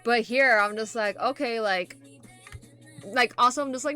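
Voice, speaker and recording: A woman reacting casually to photos, rambling and full of fillers, gushing with excitement. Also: a little high, moderate pace, faint music behind. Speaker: K-pop reaction vlogger.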